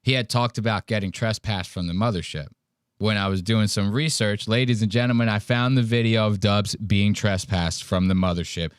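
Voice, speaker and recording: A man's voice: fairly low pitch, steady tone, normal speed, clean tone, dry recording, clean studio sound. A man hosting a podcast, mocking a video clip in casual profane chat. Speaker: podcast host.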